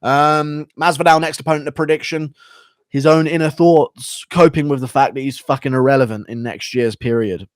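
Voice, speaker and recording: A man's voice: fairly high pitch, steady tone, normal speed, dry recording, studio quality. Blunt, sweary man streaming. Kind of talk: casual live-stream chat.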